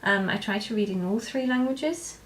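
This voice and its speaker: This young woman talks at a normal speed with a medium-pitched voice, answering viewer questions to camera in a loose, rambling way. Her speech is full of hesitations and restarts, with a slight hiss or hum in the background.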